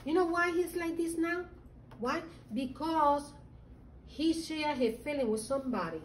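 A woman teacher with a high, bright voice reads a feelings lesson aloud to small children. She is animated and acts out the children's moods as she goes. The sound is roomy and a little distant, with faint background noise. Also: unhurried. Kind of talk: reading a social-emotional lesson to young children. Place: classroom.

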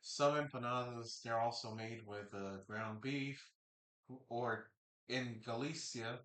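A man's voice: mid-range voice, fairly even intonation, slow, fairly bright tone. Chatty man reacting live, roomy echo. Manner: rambling and chatty, eating while talking. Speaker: live sports reaction streamer. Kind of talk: casual live game reaction.

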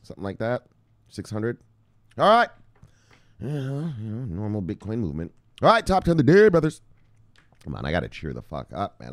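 A man hosting a casual crypto news show, swinging between loud hype and low, muttered anger, calling his viewers brothers. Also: huge pitch swings, normal speed, pauses often, no room sound. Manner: calls viewers brothers, punchy catchphrases like bang and look look.

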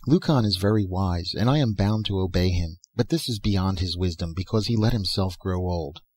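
A man reading aloud and voicing a gentle, mournful young woman from a dream world, speaking tenderly and softly. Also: sits low, normal speed, slightly rough, no room sound. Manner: tender, soft-spoken pleading.

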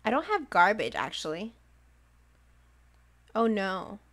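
A woman's voice: medium pitch, sing-song, slow, fairly bright tone. A woman streaming a game live, chatting casually and giggling often, with lots of "like" fillers. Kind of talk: casual livestream chat while playing a game.

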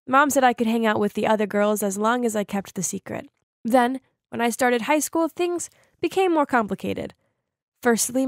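A woman narrating a first-person animated story in a confessional, conversational way. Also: a little high, dry recording, studio quality.

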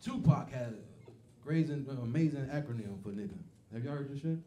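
Loud profane stand-up comic man. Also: mid-range voice, animated, normal speed, recorded from a distance. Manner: loud profane storytelling, acts out voices. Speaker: stand-up comedian. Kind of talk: stand-up comedy set. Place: comedy club stage. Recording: echoey club, mic off from speaker, crowd noise. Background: laughing audience.

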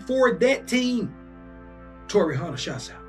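Animated young man reacting loudly. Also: high voice, normal speed, faint music behind. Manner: animated, loud bursts, talks to himself. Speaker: reaction video host. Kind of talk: excited casual reaction commentary.

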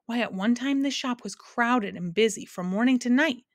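A woman voicing a wistful, stubborn female sound keeper who is quick to scold. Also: on the high side, dry recording, clean studio sound, voice pushed up, lightly acted.

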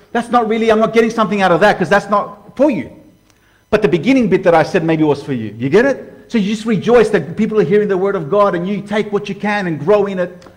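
Male preacher, tenor-ish, chatty sermon style with sudden loud and soft turns. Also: sits high. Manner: conversational, asks the congregation direct questions; voice swings from hushed to loud. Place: church hall before a live congregation.

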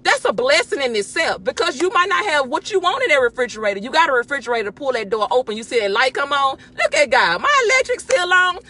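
A woman hosting a casual devotional talk, speaking with excitement and emphatic repetition. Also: high voice, fast talker, hardly any pauses. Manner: excited, emphatic, with repeated phrases.

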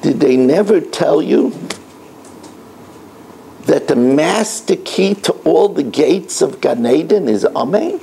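A man voicing God as a sorrowful, gentle judge, speaking slowly and consolingly to a soul. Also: on the high side, lively intonation, creaky, a little hiss or hum, heavily acted, poor audio. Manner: slow, sad, consoling.

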